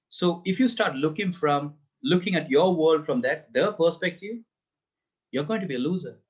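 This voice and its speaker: A man's voice: on the high side, slightly rough, low-quality recording. A man giving an online motivational talk, conversational, checking in with the audience and laughing now and then. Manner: conversational, frequent "okay?" tags, laughs, addresses audience directly. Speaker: motivational speaker.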